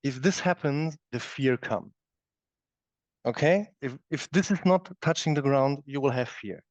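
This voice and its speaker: A man's voice: mid-range voice, measured pace, dry recording. A man teaching a live yoga class, demonstrating the moves as he explains them and often checking in with "okay?". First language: German. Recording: dull, dry studio recording.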